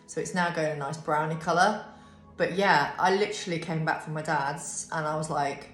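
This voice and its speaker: Woman tarot reader, sleepy and blunt, low pitch, roomy echo. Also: normal speed. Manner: sleepy, yawning, swears casually. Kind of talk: casual tarot reading to camera. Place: bright room at home, indoors. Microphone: camera on a desk with ring light. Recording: echoey room with faint music.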